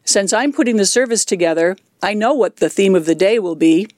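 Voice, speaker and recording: A woman's voice: mid-range voice, lively intonation, a little mellow, no echo. Woman in her sixties, dry alto voice. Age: 60s. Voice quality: alto speaking voice. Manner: clear, measured, explaining step by step. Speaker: lay worship leader doing puppet ministry. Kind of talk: instructional talk.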